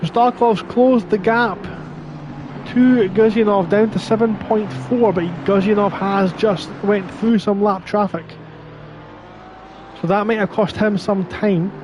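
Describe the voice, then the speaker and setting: High-voiced man calling a sim race. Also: fairly even intonation, slow pace, background noise. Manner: chatty, reads stream chat aloud between race calls. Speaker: sim racing commentator. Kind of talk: live race commentary.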